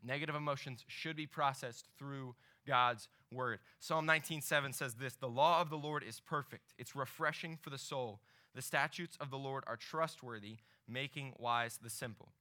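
A young man giving a sermon, reading Scripture and telling a personal story in a casual, animated way with asides to his listeners. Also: mid-range voice. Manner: conversational preaching, animated storytelling with asides to the audience. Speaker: young men's ministry leader.

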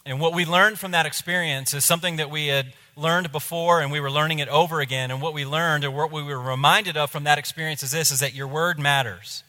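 A pastor tells a story from the pulpit with a bright, forceful voice. He is animated, then drops to a near hush when the tension builds. A long reverb from a big hall hangs behind every line. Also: fairly high pitch, fairly quick, hardly any pauses. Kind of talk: sermon storytelling.

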